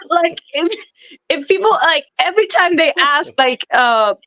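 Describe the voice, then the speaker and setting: A young woman from Puerto Rico with a high, bright-sounding voice tells stories as a podcast guest, giggling and animated. Her voice comes through a dull, lo-fi connection. The sound is dry, with no room around it. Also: a little slow, no room sound. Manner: chatty, giggly, animated storyteller. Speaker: guest, professional wrestler. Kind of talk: casual interview chat.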